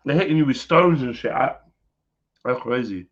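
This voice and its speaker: A man's voice: medium pitch, lively intonation, moderate pace, dull audio. A man hosting a live panel chat, blunt and slangy in his reactions. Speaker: host.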